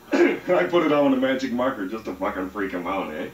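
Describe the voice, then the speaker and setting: A man's voice: fairly low pitch, big pitch swings, normal speed. A man doing a rambling, crude stand-up set on a comedy club stage. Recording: roomy club sound, mic at a distance.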